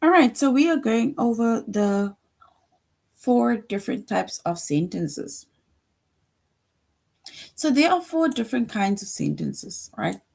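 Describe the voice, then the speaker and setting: Slow, patient woman teaching young children. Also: on the high side, sing-song, creaky, a little mellow. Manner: slow, patient, repeats points with frequent "right?". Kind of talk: online lesson for young children.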